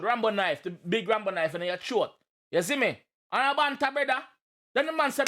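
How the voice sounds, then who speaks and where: A man with a Jamaican accent giving casual, animated reaction commentary, exclaiming and explaining lyrics. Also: very high voice, fairly quick, slight background noise. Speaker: reaction video host.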